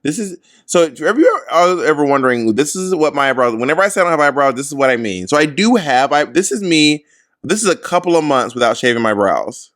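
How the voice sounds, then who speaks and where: A man co-hosting a podcast in casual sibling banter, chatty and self-deprecating, with a slightly raspy voice after throat surgery. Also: fairly high pitch, very animated, fairly quick. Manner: chatty, self-deprecating, drops softer when talking about his voice. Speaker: podcast co-host.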